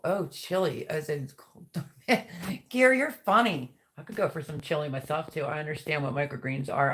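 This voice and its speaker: With a deep, fairly bright voice, a woman hosts a laid-back live stream. She calls out viewers by name in greeting and chats along as she reads their comments.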